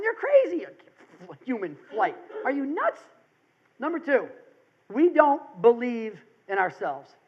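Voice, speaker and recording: A man with a strikingly high voice gives a motivational seminar, telling stories and briefly acting out what people said. The recording is muffled and lo-fi. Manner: animated storytelling, acts out quotes. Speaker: seminar speaker.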